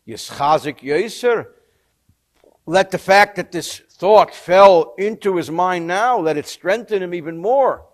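High-voiced man teaching a text. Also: a little slow. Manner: expressive storytelling, explains Hebrew terms in English. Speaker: Torah teacher. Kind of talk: textual study lesson with storytelling.

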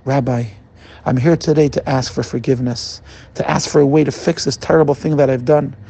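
A man's voice: medium pitch, steady tone, a little fast, mellow, breathy edge. A man telling as a remorseful man confessing. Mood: pleading. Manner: pleading, emotional. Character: remorseful middle-aged man confessing to a rabbi.

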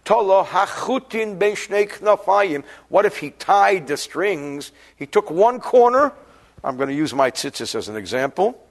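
A man's voice: sits high, very animated, a little slow. A man, a rabbi, giving a chatty daily lesson on Jewish law, cracking jokes and explaining Hebrew passages. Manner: joking, chatty, mixing Hebrew terms into explanations.

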